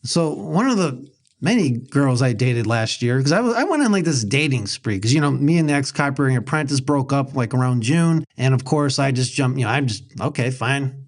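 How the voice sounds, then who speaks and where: A man's voice: medium pitch, lively intonation, brisk. Man, podcast host, casual chat, blunt, joking, storytelling.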